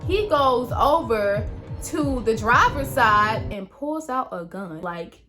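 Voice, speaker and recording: A woman in her twenties telling a story time vlog, animated and slangy, calling viewers honey and y'all. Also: fairly high pitch, slow, music in the background. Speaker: YouTuber.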